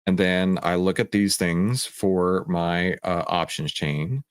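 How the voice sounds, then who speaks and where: A man hosting a casual livestream, talking in an animated, digressive way and often interrupting himself. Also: deep voice, slow pace, smooth, no echo, clean studio sound. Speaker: host.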